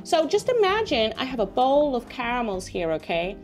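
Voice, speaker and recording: A woman leading a comic workout and bantering with an audience, loud and crude, full of exclamations. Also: fairly high pitch, sing-song, normal speed, faint music behind.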